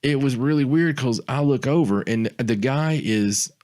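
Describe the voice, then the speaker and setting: A man's voice: medium pitch, normal speed. A man co-hosting a podcast, telling a story in a rambling, casual way, often repeating words and acting out quotes. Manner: rambling, repeats words, animated when quoting others. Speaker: podcast co-host.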